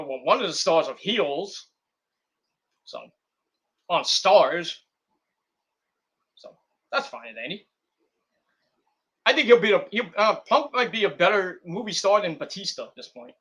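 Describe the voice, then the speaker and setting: A man's voice: a little high, fairly bright tone. Rambling, foul-mouthed New streamer man. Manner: rambling, profane, full of "you know" and restarts. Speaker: streamer host. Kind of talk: casual wrestling talk stream.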